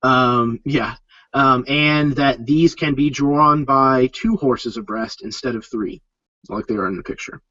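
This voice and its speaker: A man narrating as game master of a tabletop game, explaining with many pauses and ums. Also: medium pitch, bright, forceful tone, no room sound. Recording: dull lo-fi sound.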